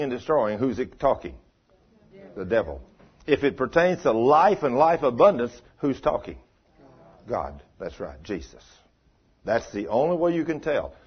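An older preacher delivers a sermon in a husky, homespun voice. He tells stories and swings from loud declarations to hushed asides. The recording is muffled and lo-fi. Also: medium pitch. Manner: folksy, storytelling, swings between loud and hushed.

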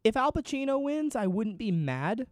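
A man's voice: very high-pitched, sing-song, normal speed, no room sound, clean studio sound. A man co-hosting a podcast, chatting casually and reading off a list of nominees. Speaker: podcast co-host. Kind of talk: casual chat.

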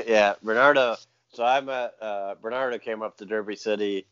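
A man's voice: fairly low pitch, fairly even intonation, moderate pace, a bit bright, clear, resonant tone, no room sound, dull audio. Give me a laid-back man chatting casually, laughing a lot, with a dry, close sound. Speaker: podcast host and jiu-jitsu video maker. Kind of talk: casual chat.

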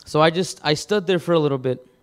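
A man preaching, telling a personal story in a halting way, with many repeated words and restarts. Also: a little high, clean tone. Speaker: pastor. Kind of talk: sermon testimony.

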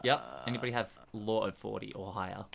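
A game master calmly explaining rules and consequences to players in a tabletop horror game. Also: mid-range voice, fast, vocal fry, slight background noise. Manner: calm, explanatory, rule-focused.

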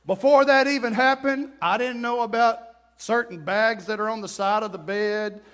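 A middle-aged man preaching a sermon, telling a story with lively, acted-out quotes and sudden outbursts. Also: high voice, moderate pace. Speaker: pastor.

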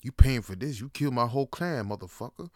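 A man's voice: mid-range voice, lively intonation, fast, a little mellow, no echo, studio quality, lightly acted. A man voicing a vengeful male crab who talks street slang and taunts. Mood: defiant. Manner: trash-talking slang, taunting.

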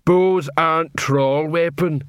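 A man voicing a big, slow-witted male troll guard who speaks in halting broken sentences. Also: on the high side, steady tone, smooth, dry recording, clean studio sound, voice pushed up. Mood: sheepish, blunt.

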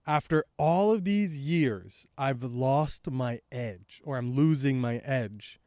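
Guy reading as a blunt old navy commander, smooth dry voice, gruff orders. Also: medium pitch, slow, mellow, no echo, close to an everyday voice. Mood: rueful. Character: old male navy vice admiral, stern and blunt.

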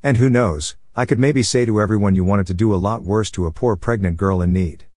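Bossy entitled middle-aged mom, read by a man, low and commanding, dry close sound. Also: a little fast, darkish tone, no room sound, natural voice. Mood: scheming.

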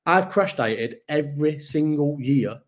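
A man's voice: a little high, animated, a little slow. Rambling, sweary man. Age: 30s. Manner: rambling, sweary, self-mocking. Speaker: podcast host. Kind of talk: casual live chat.

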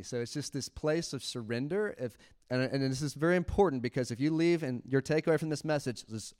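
A man preaching a sermon in church, animated, laughing often and acting out little quotes. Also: fairly high pitch, fairly quick, clear, resonant tone. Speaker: pastor.

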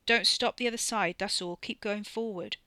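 Dry, offhand young man voiced by a woman, short replies, bright tone, dry mic. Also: mid-range voice, fairly even intonation, normal speed, smooth, no room sound, lightly acted.

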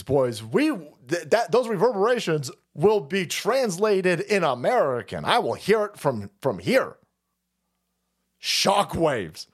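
A man rants through political commentary in a high, very animated voice that swoops up and down. He curses freely, laughs often and pushes his lines hard, like a host riffing alone on his show. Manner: loud, profane, laughs often, swings pitch wildly. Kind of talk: profane ranting commentary.

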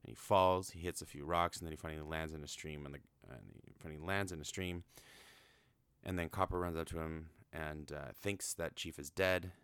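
A man's voice: very deep voice, steady tone, fairly quick, fairly bright tone, clear, resonant tone, dry recording. A young man casually recapping a film, chatty, with frequent swearing and lots of fillers.

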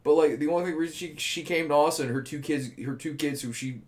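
A young man co-hosting a podcast, talking in animated, profanity-heavy casual banter. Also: fairly high pitch, fast talker. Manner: animated, profane, swears constantly. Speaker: podcast co-host.

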